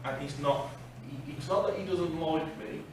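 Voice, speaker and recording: A man's voice: a little high, normal speed. A man giving a casual, chatty talk to a live audience as a paranormal investigator, with plenty of ums and self-deprecating asides. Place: hall with an audience. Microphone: clip-on mic heard from a distance. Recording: very echoey hall, distant mic, noisy.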